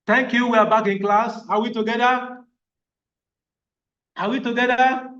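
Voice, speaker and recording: A man's voice: very high voice, steady tone, unhurried, a bit bright. Emphatic male lecturer, distant dull mic. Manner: emphatic, repeats questions to check understanding. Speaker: physiotherapy lecturer. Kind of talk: online training lecture.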